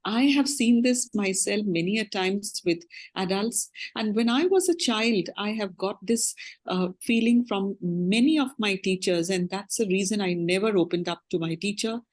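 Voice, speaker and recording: A woman's voice: mid-range voice, moderate pace, a little mellow. A woman teacher joining a panel discussion, speaking earnestly and reflectively from her own experience.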